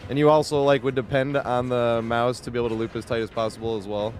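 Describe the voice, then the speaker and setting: A man's voice: mid-range voice, flat delivery, quick pace, a little mellow. A man giving casual live commentary as a game streamer, chatty, laughing often and making sarcastic asides.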